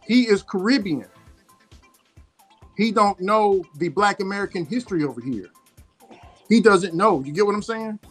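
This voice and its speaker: A man's voice: sits high, a bit bright. A man hosting a casual streamed chat, talking insistently, repeating and restarting himself. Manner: repetitive, stumbling, insistent. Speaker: show host.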